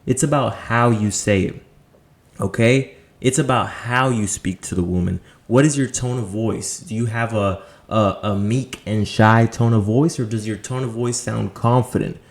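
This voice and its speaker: Male dating coach, mid-pitched, blunt and profane, preaches in punchy rhetorical bursts to camera. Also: darkish tone. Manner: punchy emphatic delivery. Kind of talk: motivational monologue to camera.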